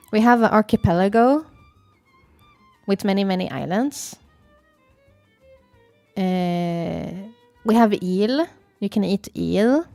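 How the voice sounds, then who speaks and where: A young woman with a southern Swedish accent, chatting casually on a stream, reading chat aloud and musing with fillers and soft laughs. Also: on the low side, no room sound. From Sweden.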